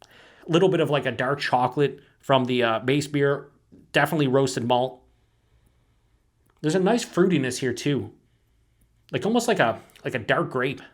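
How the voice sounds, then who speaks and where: A man's voice: medium pitch, lively intonation, normal speed, long pauses. Male beer reviewer, solo vlog, loose and rambling, filler-heavy, casual swearing. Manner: talks to himself with self-mocking asides.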